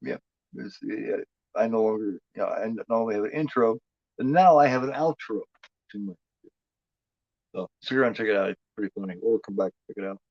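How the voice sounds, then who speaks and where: A man's voice: lowish voice, expressive, brisk, no echo. A man giving casual, rambling watch-along commentary on a movie, laid-back and heavy on swearing. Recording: dull lo-fi, dry.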